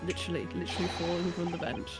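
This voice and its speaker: A woman's voice: fairly low pitch, steady tone, very fast, faint music behind. A woman co-hosting a game stream, tossing out joking, swearing asides in casual chat. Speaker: stream co-host. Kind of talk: casual chat while playing.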